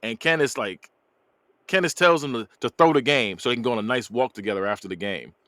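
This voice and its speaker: A man's voice: mid-range voice, brisk, no echo. A man hosting a podcast, retelling a movie plot in a casual, laughing way. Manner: animated storyteller, laughs often. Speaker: podcast host. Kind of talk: casual movie recap chat.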